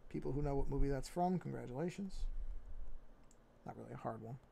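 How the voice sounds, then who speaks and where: Gravelly low-key guy narrating his drawing stream, rambly, kinda mumbly, head down off the mic. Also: fairly quick, warm tone, slight background noise. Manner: thinks aloud, rambling and self-correcting; mumbly while looking down. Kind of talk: casual livestream commentary while drawing. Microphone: fixed mic while head faces down at a tablet.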